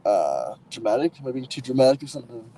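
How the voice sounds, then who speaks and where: A man's voice: mid-range voice, very animated, fast talker, warm tone, rough recording. Rambling, profane man streaming live. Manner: profane, rambling, argumentative with chat. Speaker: livestream host. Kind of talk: rambling casual livestream chat. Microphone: streaming mic.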